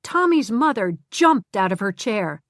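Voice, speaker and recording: Female audiobook narrator, mid pitch, dry close read. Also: measured pace, no echo. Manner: clear, even storytelling with character voices.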